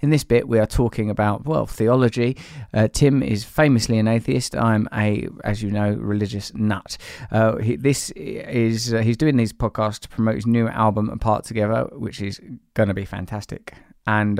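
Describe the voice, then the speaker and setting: A man's voice: mid-range voice, gravelly, a little mellow, no room sound, clean studio sound. A man hosting a podcast, talking in a rambling, playful way with self-mocking asides. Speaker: podcast host. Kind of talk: casual podcast intro and chat.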